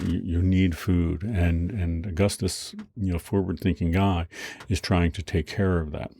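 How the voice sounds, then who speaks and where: A man's voice: low voice, warm tone, dry recording. A male lecturer giving a conversational university lecture, full of fillers and restarts.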